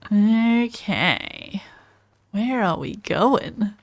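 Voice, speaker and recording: Woman gamer, unhurried musing commentary, dry close sound. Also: medium pitch, lively intonation, dry recording. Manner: slow, musing, thinking aloud. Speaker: game streamer. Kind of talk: casual gameplay commentary.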